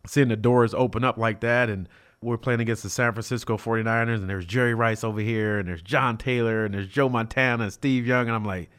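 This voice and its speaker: A man in his fifties from California, a former pro football player telling his story as a guest in an interview, lively and acting out the voices of people in it. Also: fairly quick, clear, resonant tone. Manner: lively, acts out quoted voices with jumps in pitch and loudness.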